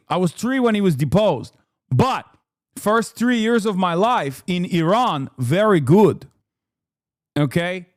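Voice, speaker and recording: A man's voice: on the high side, measured pace, no room sound, clean studio sound. A man streaming live, reacting with crude, sarcastic commentary and frequent laughter.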